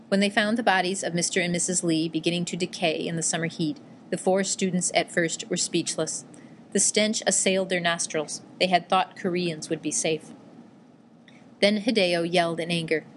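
Low-voiced woman narrating an audiobook. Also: fairly even intonation, moderate pace, slight background noise.

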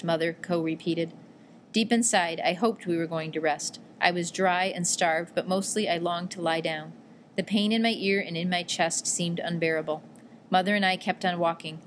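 Woman audiobook narrator, lower voice, steady scripted read, faint background noise. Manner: steady, even storytelling read.

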